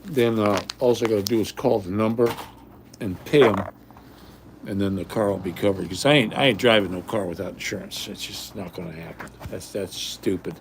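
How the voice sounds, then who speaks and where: Older guy ranting on a home livestream, low gravelly voice, bit of hiss behind. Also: a little fast. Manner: rambling, blunt, repeats himself. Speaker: livestream host. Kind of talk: casual livestream rant.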